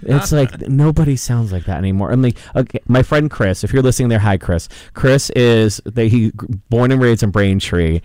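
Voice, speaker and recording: A man's voice: mid-range voice, moderate pace, hardly any pauses, a little mellow, no room sound. A man co-hosting a radio show, chatting casually and laughing often. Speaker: radio host. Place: radio studio. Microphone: studio mic.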